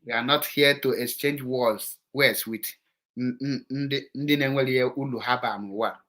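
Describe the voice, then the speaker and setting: A man with a Nigerian Igbo accent delivers a heated political monologue with a forceful, sharp tone. He scolds his audience and slides between English and Igbo mid-sentence. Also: medium pitch, steady tone, moderate pace. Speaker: political commentator.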